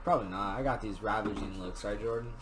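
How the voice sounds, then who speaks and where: A man's voice: fairly low pitch, fast, crowd noise. A young man co-hosting a casual podcast, teasing and boasting in banter. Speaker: podcast co-host. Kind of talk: casual chat.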